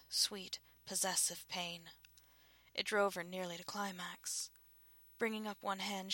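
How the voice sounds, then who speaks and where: A woman reading a novel aloud as narrator in a hushed, breathy style that often drops to a half-whisper. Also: mid-range voice, no echo. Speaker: audiobook narrator. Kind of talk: scripted narration.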